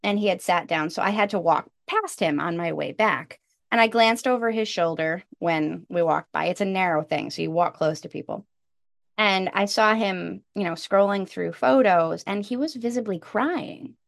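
A woman in her thirties, a podcast guest, telling a casual story with lively jumps in pitch when she quotes people. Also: moderate pace, vocal fry, no room sound, studio quality.

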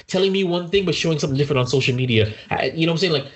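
A man's voice: on the high side, racing. Man telling a story with restarts. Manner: animated storytelling, frequent restarts. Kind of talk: casual chat.

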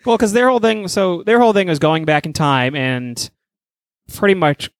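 Casting: young guy, higher-pitched, dry close sound, loose and profane, rambling podcast co-host. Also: moderate pace, dry recording. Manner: swears constantly, rambling anecdotes. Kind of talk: casual chat.

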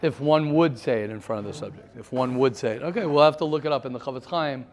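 A man's voice: medium pitch, fast, darkish tone, a little hiss or hum. A man leading an interactive study class, often restarting his sentences and mixing in Hebrew terms. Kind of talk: interactive lecture.

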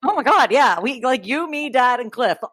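A woman, co-hosting a podcast and telling a story with lively, acted-out quotes. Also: normal speed, slightly rough, no echo, clean studio sound. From Texas. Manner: animated storyteller, acts out quotes with big pitch jumps. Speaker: podcast co-host. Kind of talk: casual chat, storytelling.

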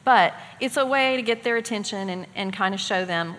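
A middle-aged woman co-teaching a parenting class at a church, giving practical advice in a steady, calm way. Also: mid-range voice, moderate pace, hardly any pauses. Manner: steady, practical, gives examples. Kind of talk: calm instructional talk. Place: church hall. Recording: long hall reverb.

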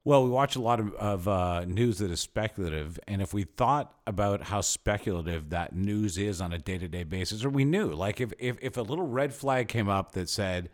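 A man's voice: lowish voice, expressive, a little fast, hardly any pauses. A man co-hosting a casual podcast chat, with joking, sarcastic asides. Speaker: podcast co-host.

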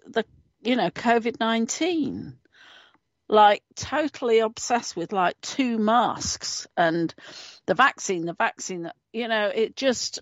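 Slow-talking woman on a dull line. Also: mid-range voice, no room sound. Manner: halting, with fillers and small laughs. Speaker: talk show co-host. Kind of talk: casual discussion. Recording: dull, dry lo-fi sound.

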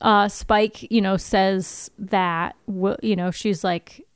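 A woman co-hosting a podcast, recapping scenes in casual chat, animated and laughing often. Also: mid-range voice, slow, smooth, no room sound, studio quality. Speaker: podcast co-host.

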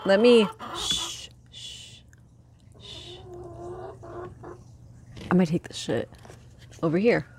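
A young woman vlogging casually by her chicken coop, rambling and swearing as she hushes her hens. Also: mid-range voice, sing-song, very slow, pauses often, background noise. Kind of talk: casual chat while reading aloud. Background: faint chicken clucking.

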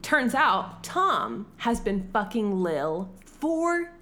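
Slow, lively-voiced woman recapping a film. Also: mid-range voice, a little hiss or hum. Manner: animated, profane storytelling, acts out quotes in voices. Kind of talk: casual chat recapping a film.

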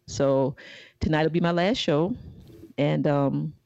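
A woman's voice: low-pitched, takes it slowly, vocal fry, dry recording. Woman co-host, casual teasing delivery, dry and slightly dull sound. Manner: playful, deadpan teasing. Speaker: podcast co-host. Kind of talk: casual comedic chat.

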